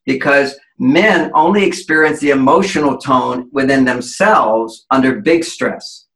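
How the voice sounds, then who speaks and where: A man's voice: medium pitch, measured pace, a bit bright, echoey room, low-quality recording. A man giving relationship advice as an interview guest, explaining in an emphatic, lecturing way and acting out quoted voices.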